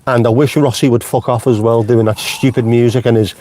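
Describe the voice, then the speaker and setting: A man's voice: mid-range voice, fairly even intonation, brisk, darkish tone. Middle aged guy live streaming from his car, chatty, swears a lot, jumps between jokes. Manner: chatty, swears freely, jokey tangents. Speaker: vlogger host. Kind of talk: casual live-stream chat. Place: inside a car.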